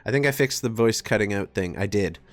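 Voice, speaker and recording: A man streaming a tabletop game as game master, excitable and swearing freely while chatting over voice chat. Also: on the low side, fairly quick, dry recording. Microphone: headset or desk mic over voice chat.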